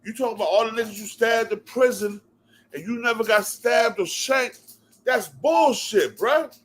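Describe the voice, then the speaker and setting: A man's voice: very high-pitched, a little slow, a bit bright. A man from New Jersey ranting to camera as a vlog commentator, heated and repetitive, cutting in with "yo" and "bruh". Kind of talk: profane rant to camera.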